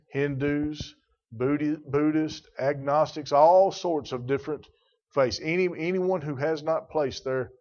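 A man's voice: medium pitch, lo-fi sound. A man preaching a sermon, stressing words and calling on members of the congregation by name. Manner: emphatic preaching with rising volume and drawn-out stresses. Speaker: pastor.

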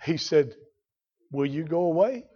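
A man preaching a sermon, building from plain talk to shouted fervor in folksy dialect. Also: a little high, expressive, a little slow, breathy edge, muffled recording. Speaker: pastor.

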